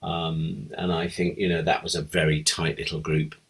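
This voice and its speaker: A man's voice: low-pitched, little pitch movement, normal speed, gravelly, husky. A middle-aged man, a television script editor, telling fond, rambling anecdotes in an interview. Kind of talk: reminiscing interview answers.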